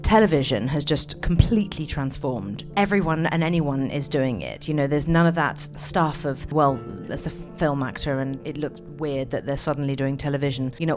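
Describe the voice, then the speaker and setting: A woman with a low voice talks through her approach to acting, thoughtful and increasingly eager. A long reverb trails her words, and music plays clearly behind her. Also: a little mellow. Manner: thoughtful, growing more enthusiastic. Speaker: actress interviewed about her career. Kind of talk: casual interview.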